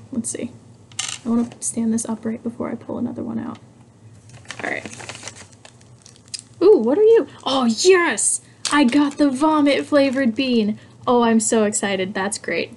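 Excitable young woman unboxing pins. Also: medium pitch, slight background noise. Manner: excitable, chatty, thinking aloud. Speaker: hobby vlogger. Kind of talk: casual unboxing chat.

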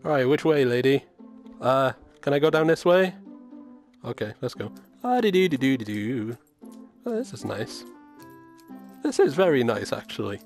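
A man voicing a crude, cheeky male pet dog, talking in a dry, deadpan inner monologue. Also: mid-range voice, normal speed, long pauses, faint music behind. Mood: content.

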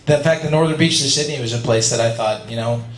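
In an echoey convention hall with a crowd, a Californian man in his forties tells stories during a casual Q&A panel. His mid-range voice moves at a quick pace, with slight background noise. He stays chatty and self-deprecating, laughing frequently.

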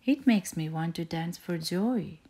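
A gentle mother bear from a bedtime storybook, tender and soothing, as a woman reading aloud puts her on. Her voice is warm and mellow, slow, with a soft breathy edge. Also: lowish voice, lively intonation.

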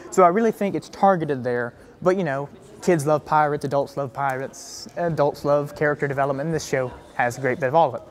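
Teen boy, youth theater actor, upbeat and chatty, a bit high-pitched. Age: teens. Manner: eager, articulate, quick talker with fillers. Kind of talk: interview answers.

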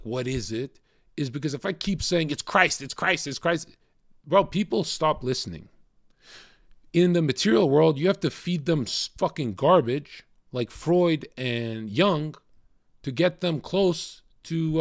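A man ranting on a livestream, profane and combative, swinging between loud outbursts and low muttering. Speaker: streamer. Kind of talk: casual livestream rant.

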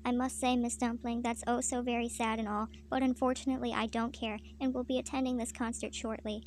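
A woman's voice: on the high side, flat delivery, a little fast, darkish tone, slight background noise, lightly acted. Woman reading as a gloomy, dismissive man. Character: gloomy lanky male caretaker, dismissive.

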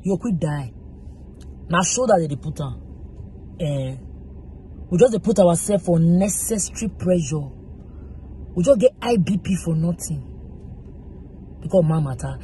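Mellow scolding Nigerian Pidgin woman. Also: lowish voice, expressive, a little slow, pauses often, slight background noise, poor audio. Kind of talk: casual monologue.

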